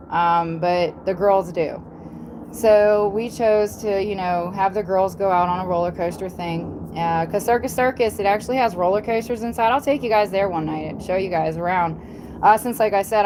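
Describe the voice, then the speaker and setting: Southern woman in her thirties, blunt, rambling livestream chat, mid pitch, faint background hiss. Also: darkish tone. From American South. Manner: rambling, repetitive, blunt with frequent ums and mild swearing. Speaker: YouTuber on a livestream.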